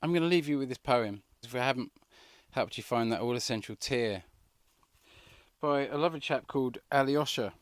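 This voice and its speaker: A man's voice: mid-range voice, normal speed, dry recording. Man, earnest rambling talk, frequent restarts, dry close sound.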